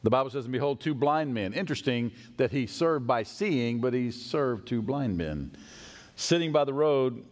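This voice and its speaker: A male pastor preaching a sermon in a church, animated and acting out the voices of people in the story. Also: mid-range voice, moderate pace. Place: church sanctuary. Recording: long church hall reverb.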